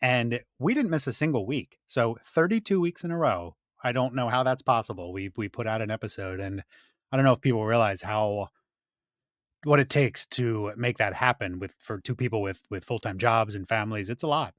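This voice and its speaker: A man's voice: mid-range voice, moderate pace, fairly bright tone, no echo, clean studio sound. A man co-hosting a true-crime podcast, chatting in a friendly, enthusiastic way. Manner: friendly, enthusiastic banter with "like" fillers. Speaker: podcast co-host.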